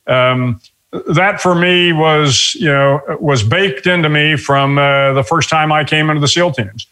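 An older man speaks in an interview, thoughtful and measured, often pausing to reach for the next word. His voice sits a little high for a man and rings bright and forward. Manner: measured, with frequent pauses and fillers. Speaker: guest. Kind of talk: reflective interview storytelling.

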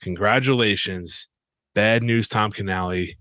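A man's voice: lowish voice, steady tone, a little slow, sharp tone, no echo. A man hosting a wrestling podcast in loose, joking chat and swearing freely. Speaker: podcast host. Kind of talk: casual chat.

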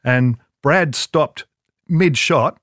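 A man's voice: on the high side, extremely slow, fairly bright tone, no echo, clean studio sound. An older man, an advertising creative, telling a rambling, self-deprecating anecdote in an interview with many restarts. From Australia.

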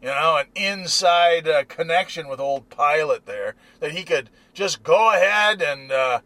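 A man's voice: on the high side, expressive, unhurried, bright, forceful tone, no room sound. A man rambling and joking irreverently in a casual monologue from his car. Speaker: vlogger. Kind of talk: casual monologue while driving.

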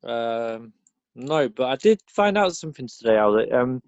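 A man co-hosting a casual podcast, telling jokes in a dry, deadpan way. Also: medium pitch, moderate pace, no echo, lo-fi sound. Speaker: podcast co-host.

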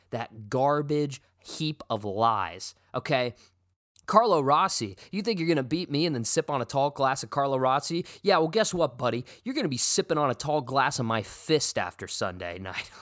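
A man's voice: on the high side, a bit bright, dry recording, clean studio sound. Ranting, indignant comedy podcast man. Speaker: podcast host. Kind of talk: comedic fantasy football rant.

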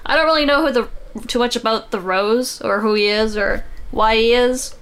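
A woman's voice: fairly high pitch, fairly quick, a bit bright, clean tone. A woman guest on a casual comics podcast, chatty and rambling with lots of fillers. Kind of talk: casual chat about comics.

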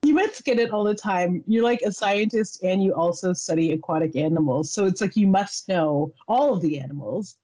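A woman in her thirties hosting a podcast, chatting in a rambling, giggly, halting way. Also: lowish voice, lively intonation, warm tone, low-quality recording. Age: 30s. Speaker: podcast host. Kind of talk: casual chat.

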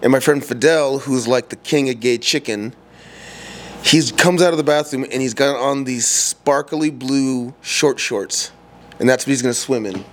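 A man's voice: mid-range voice, normal speed, slight background noise. A man casually telling crude stories to friends, often stammering and giggling as he goes.

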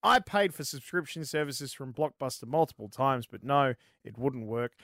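A man's voice: medium pitch, expressive, normal speed, a bit bright, no room sound, studio quality. An Australian man hosting a casual gaming podcast, rambling and swearing freely. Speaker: podcast host.

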